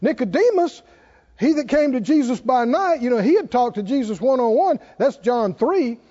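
High-voiced preacher man in a hall. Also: big pitch swings, moderate pace, dark tone. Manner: preaching with laughs and rising exhortation. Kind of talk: sermon. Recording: dull sound in a reverberant hall.

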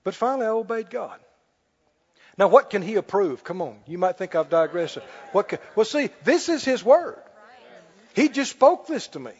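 High lively preacher guy, laughs thru his story, yells the prayers, echoey hall, muffled lo-fi sound. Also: normal speed, husky. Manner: animated storytelling with laughs and loud prayer bursts. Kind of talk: sermon. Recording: dull lo-fi sound with long hall reverb.

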